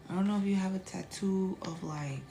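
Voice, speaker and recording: A woman's voice: mid-range voice, fairly quick, dark tone, a little hiss or hum. A woman doing a casual tarot reading, chatty and blunt, sometimes dropping to a whisper and swearing freely. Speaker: tarot reader.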